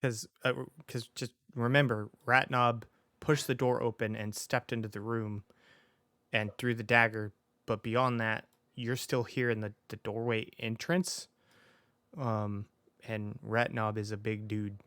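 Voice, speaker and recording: A man's voice: on the low side, little pitch movement, measured pace, pushed and bright, no echo, clean studio sound. A man running a tabletop game as game master, narrating with frequent ums and restarts. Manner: hesitant, many ums and restarts.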